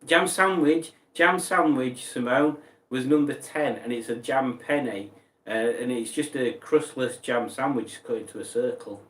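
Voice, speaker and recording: A man's voice: medium pitch, unhurried, far from the mic. A man, chatting casually on a stream as he reads out viewers' messages and rambles along with mock outrage. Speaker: streamer reading chat. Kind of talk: casual livestream chat. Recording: echoey room, voice from off mic.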